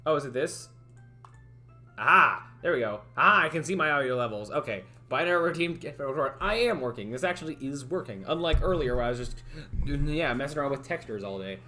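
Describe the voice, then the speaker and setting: A man's voice: mid-range voice, expressive, brisk, sharp tone, faint music behind. Rambling young man streaming live. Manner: rambling, hesitant, full of fillers and restarts. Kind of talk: casual livestream chat. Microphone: headphones with a desk mic.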